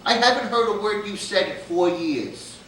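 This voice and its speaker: A blunt, nagging middle-aged father, as a man puts him on, lecturing in a lowered voice. The sound echoes from far off. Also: expressive, moderate pace, fairly bright tone, a little hiss or hum.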